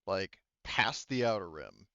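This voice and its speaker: A man serving as game master for a tabletop game explains things in a rambling way, full of fillers and restarts. His voice is low and sharp-toned with lively intonation and an unhurried pace, without echo, over dull lo-fi online call audio.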